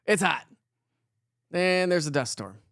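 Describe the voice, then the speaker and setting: On this morning weather livestream, a Colorado host reads viewer comments and greets people by name, keeping things casual, upbeat, and jokey. His voice is on the high side, expressive, unhurried, and a bit bright, recorded in clean studio sound with no echo.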